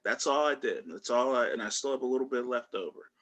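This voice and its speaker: Male stand-up comic with a bright, forward tone, rambling and full of fillers, on a video call. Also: medium pitch, quick pace, hardly any pauses. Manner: loose, rambling delivery with many fillers and restarts. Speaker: stand-up comedian.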